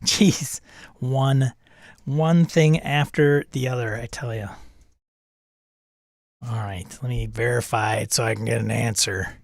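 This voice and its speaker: A man's voice: medium pitch, steady tone, slow pace, creaky, pauses often, dry recording, clean studio sound. A man casually commenting as he runs a role-playing game with an AI storyteller, thinking aloud and chuckling at it.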